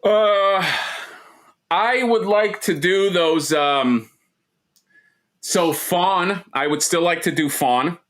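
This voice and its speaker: A man's voice: high-pitched, drawn-out words, long pauses, a bit bright. A man co-hosting a casual livestream chat, rambling and joking with lots of restarts and fillers. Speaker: co-host.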